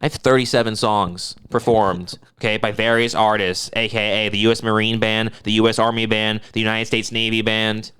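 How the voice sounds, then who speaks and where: A man's voice: on the low side, little pitch movement, normal speed, few pauses, fairly bright tone, clean tone. A man with a Northeastern US accent, co-hosting a podcast and telling stories in a profane, ranting way. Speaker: podcast co-host. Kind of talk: casual chat.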